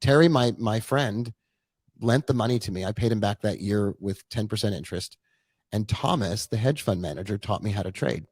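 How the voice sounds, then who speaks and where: A man's voice: fairly low pitch, normal speed, darkish tone, breathy edge, no echo. A man in his forties, a trading coach, telling his own story in a casual, chatty live-stream talk full of asides.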